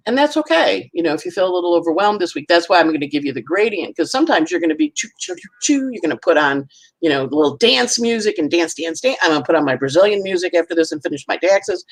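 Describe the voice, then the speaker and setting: Animated woman astrologer, playful voices. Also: fairly low pitch, rough recording. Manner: animated, acts out little voices and sounds. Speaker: astrologer guest. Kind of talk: casual conversational forecast.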